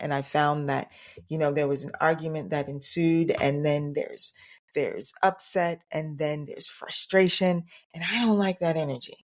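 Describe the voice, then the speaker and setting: A woman hosting a solo podcast, speaking earnestly and reflectively at an unhurried pace, often repeating phrases for emphasis. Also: low voice. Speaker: podcast host.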